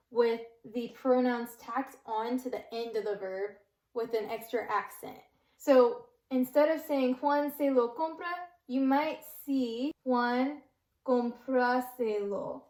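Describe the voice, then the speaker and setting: A young woman tutor with a slightly high voice talks through a grammar lesson patiently, step by step. She slows right down to spell out each example, and the room around her rings with echo. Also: darkish tone. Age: young adult.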